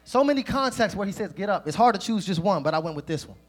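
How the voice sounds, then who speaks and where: Husky, high-voiced male preacher. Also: fast. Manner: lively, addresses the congregation directly. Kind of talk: sermon.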